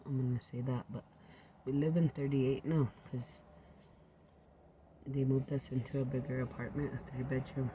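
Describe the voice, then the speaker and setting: A man's voice: medium pitch, steady tone, unhurried, pauses often, dark tone, slight background noise. A man rambling into a home recording, drifting from topic to topic and often sinking to a near-whisper.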